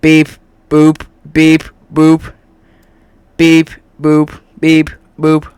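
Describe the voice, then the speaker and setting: A man voicing a droning robot that beeps and calculates in a flat, slow, loud voice. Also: on the high side, clear, resonant tone, no echo. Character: monotone robot mocking idle viewers.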